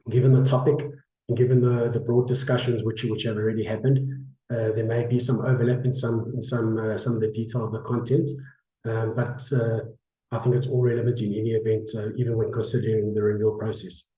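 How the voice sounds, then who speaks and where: A man, croaky with flu, presents to a webinar over a video call. His voice is very dark and mellow, with a roomy echo around it. He pauses often and restarts his sentences. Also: medium pitch. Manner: hesitant, many fillers and restarts. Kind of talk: online business presentation.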